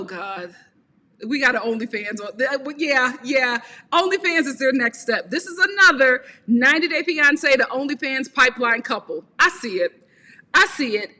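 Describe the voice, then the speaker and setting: A woman's voice: high-pitched, animated, moderate pace, bright, forceful tone, big-room sound. A woman giving a blunt, sassy live review of a reality TV show, often laughing.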